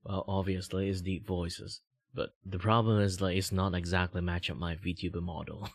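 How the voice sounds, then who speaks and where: A man's voice: sits low, flat delivery, normal speed, gravelly, dry recording, clean studio sound. A young man from Malaysia streaming as a VTuber, chatting casually at a desk mic in a rambling, self-mocking way and chuckling often. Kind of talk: casual livestream chat.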